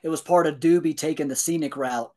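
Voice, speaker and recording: A man's voice: fairly high pitch, brisk, darkish tone. Eager man chatting about a film. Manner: eager, restarts often, acts out quoted lines. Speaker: podcast co-host. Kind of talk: casual movie review chat.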